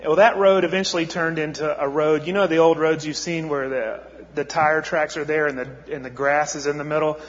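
A man's voice: fairly high pitch, steady tone, brisk, few pauses. A male missionary speaker telling a story in a conversational way, with many restarts. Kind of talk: storytelling sermon. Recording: echoey hall, muffled sound.

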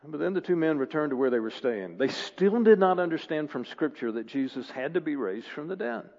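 A pastor preaching a sermon, retelling scripture as a story and building emphasis on the key moments. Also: male voice, on the high side, animated, a little fast, darkish tone. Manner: storytelling, reads scripture aloud with rising emphasis. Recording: dull, echoey hall.

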